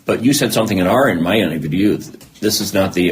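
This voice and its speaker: A man's voice: sits low, fairly quick, noisy background. A man, a podcast guest, telling his own story candidly. He jokes at his own expense and acts out conversations he remembers. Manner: acts out remembered conversations, self-deprecating humor.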